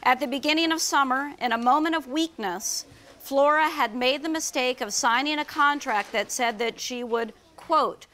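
Brief: woman author, high voice, reads her kids' book aloud at a bookstore, lively and chatty. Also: unhurried. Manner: lively, storytelling with fillers. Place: bookstore event.

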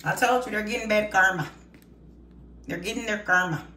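A woman's voice: medium pitch, moderate pace, sharp tone. A woman giving a casual tarot reading in a blunt, heated, profane way. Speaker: tarot reader. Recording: roomy, distant mic, noisy.

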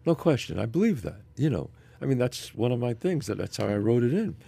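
A middle-aged man, a podcast guest, telling stories in a casual chat, animated and often restarting his sentences. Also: medium pitch, a little fast, creaky, slightly rough, dry recording. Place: podcast studio.

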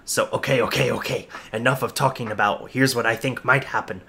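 A man hosting his own reaction vlog, chatting in an excitable, rambling way with lots of fillers and repeated words. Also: medium pitch, a little fast, creaky, few pauses. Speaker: host.

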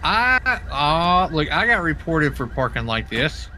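Brief: male player, excitable and chatty, bright voice with a lively swinging pitch. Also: moderate pace, a little hiss or hum. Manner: excitable, chatty, laughs often. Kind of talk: in-character game role-play.

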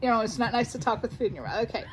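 A woman's voice: a little high, rapid-fire, a little hiss or hum, rough recording. A chatty, encouraging woman, hosting a casual home cooking vlog. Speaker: vlogger host. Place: home kitchen and living room.

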